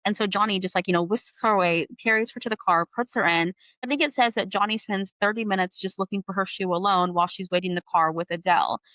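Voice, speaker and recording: Woman, podcast co-host, fast bright casual recap, dry mic. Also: mid-range voice, no room sound. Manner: quick recap with many fillers like "like" and "you know".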